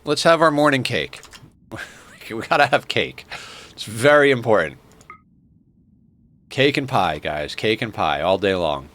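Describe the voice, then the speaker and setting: Male streamer, lower voice, morning-groggy, rambling and enthusiastic, casual gameplay commentary. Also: animated, measured pace, long pauses, fairly bright tone. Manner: rambling, enthusiastic, lots of fillers.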